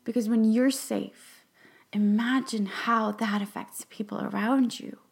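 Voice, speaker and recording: A young adult woman talks slowly through a reflective podcast monologue in a fairly high voice. She speaks earnestly and haltingly, with emotion close to the surface, and now and then sinks into a whisper to stress a point. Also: steady tone, vocal fry. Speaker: podcast host and class facilitator.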